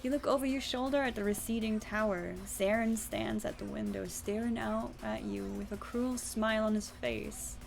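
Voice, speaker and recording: Young woman streamer, fry-heavy voice, casual and chatty, reads a story game aloud. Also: mid-range voice, fairly even intonation, normal speed, hardly any pauses. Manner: chatty, swears casually, talks to chat and her cat. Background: faint music.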